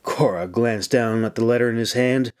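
A man narrating an audiobook in a measured, unhurried way. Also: medium pitch, darkish tone. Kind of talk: scripted narration.

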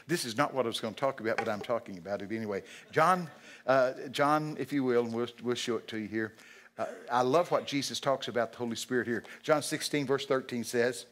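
Folksy older Texan preacher. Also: male voice, medium pitch, fairly quick. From Texas. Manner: folksy and emphatic, with sudden shouted exclamations. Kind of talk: sermon.

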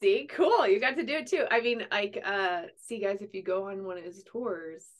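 A woman's voice: medium pitch, moderate pace. A woman hosting a podcast, chatting in a rambling way with many fillers. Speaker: podcast host. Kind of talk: casual chat.

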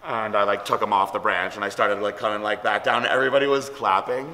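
A male vlog host talks fast in a lowish, sharp-toned voice with fairly flat intonation. He rambles through a casual story, stuffing it with "like" and "um," while long reverb echoes through the room.

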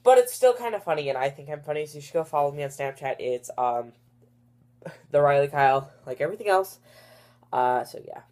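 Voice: medium pitch, animated, brisk, a little mellow. A vlogger chatting casually at home into a handheld phone, rambling, giggling and often dropping to a whisper.

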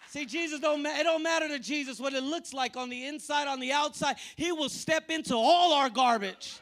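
A man preaching a lively sermon as pastor at a church service, often shouting and using casual slang. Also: extremely high pitch, a little fast, few pauses, a little hiss or hum. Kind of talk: energetic sermon.

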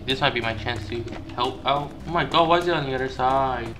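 A man's voice: brisk, noisy background. Panicky gamer man shrieking and self-mocking. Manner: panicky, self-mocking, repeats words in bursts; shrieks high when caught. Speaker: gaming YouTuber. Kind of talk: gameplay commentary.

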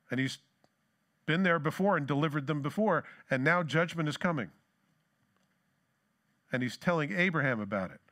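A pastor delivers a sermon in a fairly high voice for a man. He moves between easy, joking asides to the congregation and scripture readings that climb in force. The delivery stays conversational throughout. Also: fairly bright tone. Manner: conversational and joking, reads scripture with rising emphasis. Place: church sanctuary.

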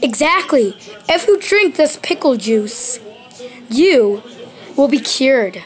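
A woman improvising a plush toy puppet skit. Her voice is high and bounces widely in pitch. She talks hesitantly, with many ums and restarts. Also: big pitch swings, takes it slowly. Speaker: plush toy video maker.

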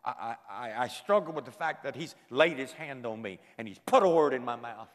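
An older man preaching a sermon at a camp meeting, moving emotionally between quiet reflection and loud, fervent exhortation. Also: medium pitch, animated, brisk. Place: large hall at a church camp meeting. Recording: reverberant hall.

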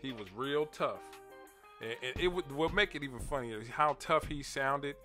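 A man's voice: mid-range voice, moderate pace, sharp tone. Laid-back man chatting over faint music. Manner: laid-back, laughing, repeats words, addresses viewers directly. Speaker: commentary channel host. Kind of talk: casual video commentary.

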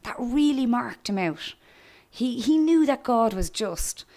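Irish woman, middle-aged, church testimony speaker, earnest and direct, slightly high voice. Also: animated, measured pace, mellow. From Ireland. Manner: earnest and direct, addressing young people. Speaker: guest speaker giving testimony.

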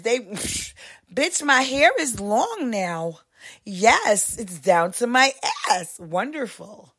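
A woman hosting a podcast, delivering a heated, profane ranting monologue with big swings in pitch. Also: a bit bright. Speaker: podcast host.

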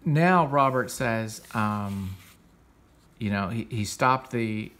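A man's voice: lowish voice, takes it slowly, a bit bright. A man hosting a comics show, casually retelling a comic book story in a rambling, enthusiastic way with frequent restarts.

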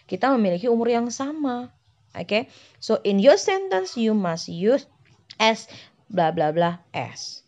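A woman's voice: a little high, sing-song, unhurried, a little mellow. A woman with an Indonesian accent teaching a grammar lesson, explaining patiently and repeating herself, often checking with "okay" and "yeah". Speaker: English teacher. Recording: dull lo-fi recording.

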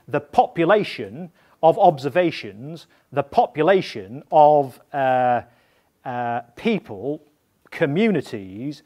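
A man, an evaluation expert, explaining methods to practitioners in a deliberate, emphatic way, often checking in with his listeners. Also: a little high, a little mellow. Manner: emphatic, repeats points and checks in with "yeah?".

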